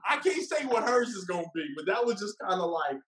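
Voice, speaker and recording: Animated man telling a story, roomy sound. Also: high-pitched, fairly quick. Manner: animated, laughing, acts out quotes. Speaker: guest telling his love story. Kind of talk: casual storytelling.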